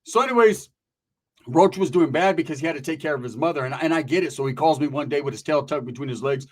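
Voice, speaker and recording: A man's voice: fairly high pitch, fast. A man telling a comic story in a loose, profane way, tossing in "right?" again and again.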